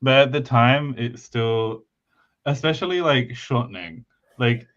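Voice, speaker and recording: A man co-hosting a casual chat, speaking hesitantly with many pauses and fillers. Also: medium pitch, a bit bright, slight background noise. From United Kingdom. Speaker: podcast co-host. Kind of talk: casual chat about language building. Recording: slightly dull lo-fi mic.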